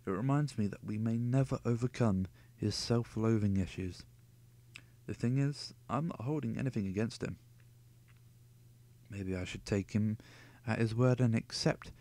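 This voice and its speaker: A man's voice: mid-range voice, measured pace, pauses often, dark tone. A man reading a romance novel aloud at home, breaking off for sarcastic, profane asides. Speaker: reader of a novel.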